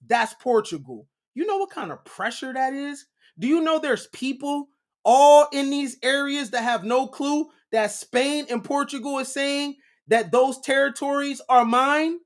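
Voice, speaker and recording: A man hosting a casual livestream, lecturing his viewers with a preachy run of rhetorical questions and repeated "right?" checks. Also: extremely high pitch. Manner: slow and deliberate. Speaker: livestream host.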